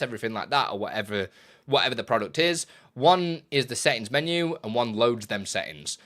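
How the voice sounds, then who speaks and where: A man's voice: fairly low pitch, pushed and bright. A man chatting casually on a live stream, rambling and correcting himself as he explains his setup, often laughing.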